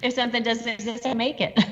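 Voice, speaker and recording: A middle-aged woman telling stories in a casual interview, animated and quoting people in dialogue. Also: fairly high pitch. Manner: animated, quotes herself and others in dialogue. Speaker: guest entrepreneur. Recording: dull lo-fi sound with long reverb.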